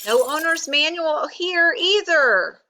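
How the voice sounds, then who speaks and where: A woman voicing an excitable, quick-tempered young male rabbit in a children's storybook read-aloud, shouting and exclaiming. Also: sits high, background noise. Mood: frustrated.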